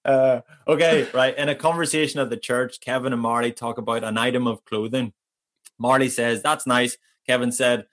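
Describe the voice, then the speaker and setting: A man's voice: medium pitch, fairly even intonation, normal speed, fairly bright tone. A man, co-hosting a podcast and reading out quiz questions in a playful, laughing way. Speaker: podcast co-host, quizmaster. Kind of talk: casual quiz chat.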